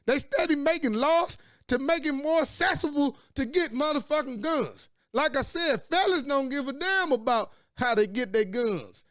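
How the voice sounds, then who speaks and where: A man's voice: extremely high pitch, expressive, moderate pace, hardly any pauses, fairly bright tone, no room sound, studio quality. A man in his late forties hosting his own talk show, delivering an angry, profane, preachy monologue. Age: late 40s. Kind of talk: impassioned monologue.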